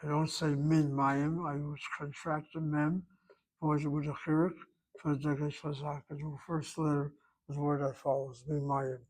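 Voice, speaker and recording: Man, teacher, classroom lesson, slow and explanatory, repeats words, slightly high voice. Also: flat delivery, darkish tone, low-quality recording. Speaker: Hebrew teacher.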